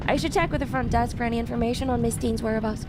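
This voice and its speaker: A woman voicing a composed male detective in a put-on Irish accent. She reads his game narration in measured, formal lines. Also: a little high, steady tone, background noise, pitched below the performer's own voice, close to an everyday voice. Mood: wary. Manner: measured, formal storybook phrasing. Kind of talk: reading game narration in character.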